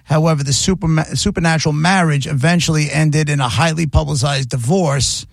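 A man's voice: a little high, fairly quick, creaky, no echo, clean studio sound. A man hosting a radio show, chatting casually and jokily, rambling with frequent restarts. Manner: rambling, jokey, restarts often. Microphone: studio microphone.

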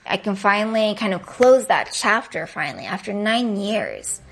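A woman's voice: medium pitch, very animated, moderate pace, vocal fry, fairly bright tone, faint music behind. A woman in an interview, animatedly retelling a phone conversation. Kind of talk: emotional interview recollection.

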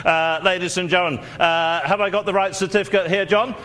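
A man calling a live auction, running through bids quickly with frequent fillers. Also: high-pitched, fairly even intonation, fairly bright tone. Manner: rapid bid calling with many fillers.

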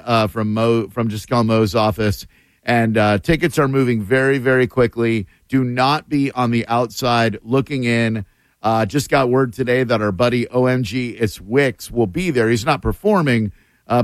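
Male radio host, playful banter, dry booth sound, mid-pitched. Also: dry recording. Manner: joking, animated, quick impressions. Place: radio broadcast booth at a theme park.

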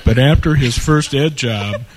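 A man's voice: medium pitch, measured pace. A man delivering a mock infomercial in an earnest salesman manner, packed with double entendres. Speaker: comedy sketch performer. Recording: noisy studio recording.

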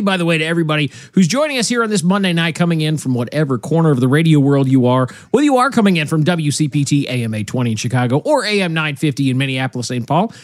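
A man's voice: fairly high pitch, no echo. A man hosting a political talk radio show, chatting casually and joking between fillers. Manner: lively, joking, rambling with fillers.

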